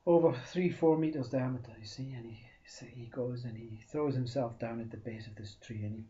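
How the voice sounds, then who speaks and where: Mellow man telling a parable. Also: mid-range voice, normal speed. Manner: animated, repeats for emphasis, drops to whispers. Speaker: spiritual storyteller. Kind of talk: storytelling talk. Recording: dull lo-fi recording.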